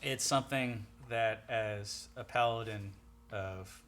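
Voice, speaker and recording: A man playing a paladin in a tabletop game, speaking calmly and steadily. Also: on the low side, takes it slowly. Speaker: player. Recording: faint background noise.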